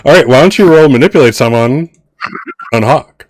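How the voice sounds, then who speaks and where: A man's voice: medium pitch, lively intonation, moderate pace, no echo, studio quality. A man narrating as game master in a tabletop role-playing game, laughing often.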